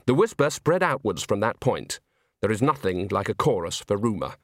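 A man reading an audiobook in a wry, expressive storytelling manner. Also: fairly low pitch, normal speed, no room sound, studio quality. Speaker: audiobook narrator. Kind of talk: audiobook narration.

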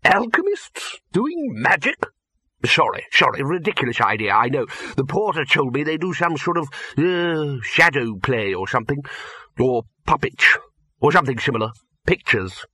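A nervous, fussy wizard bursar, played by a male reader who rambles on and lets his sentences trail away. His pitch jumps about a lot and the voice is bright and slightly husky, recorded dry and close. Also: sing-song, moderate pace, no room sound, heavily acted. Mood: rambling.

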